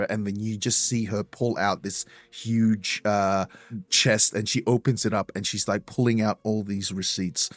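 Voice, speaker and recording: Low-voiced man narrating as game master. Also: steady tone, a little slow, no room sound, faint music behind. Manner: hesitant, full of fillers.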